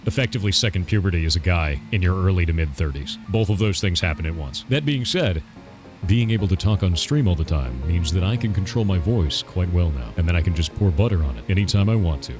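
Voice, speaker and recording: A man's voice: deep voice, animated, fast talker, music in the background. A man in his thirties talking casually on a stream, telling a rambling, profane story. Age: 30s.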